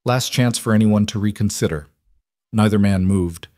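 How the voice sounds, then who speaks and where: Low-voiced male story narrator. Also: moderate pace, no room sound, clean studio sound. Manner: even, steady storytelling.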